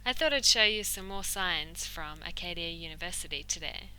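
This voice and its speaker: Lower-voiced New Zealand woman teaching English. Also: lively intonation, normal speed, echoey room, loud music behind the voice. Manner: clear, explanatory, modelling pronunciation. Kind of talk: casual explaining lesson.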